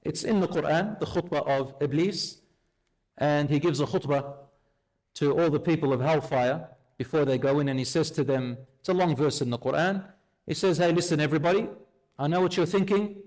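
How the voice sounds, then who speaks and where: A man preaching a sermon, telling a story and acting out its dialogue in lively, conversational speech. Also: on the high side, normal speed.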